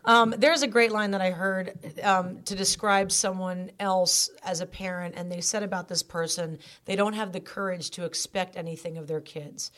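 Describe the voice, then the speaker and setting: A woman's voice: lowish voice, steady tone, moderate pace, few pauses, a bit bright. A woman talking candidly as a guest on a podcast about her stepson, getting emotional and choked up. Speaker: stepmother guest. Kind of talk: emotional interview talk.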